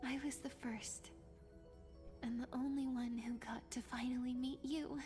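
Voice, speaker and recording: Brief: a tender game heroine, high, breathy whisper, very slow, earnest. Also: female voice, flat delivery, warm tone, faint music behind. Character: gentle young woman bidding a tender farewell. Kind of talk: game character dialogue.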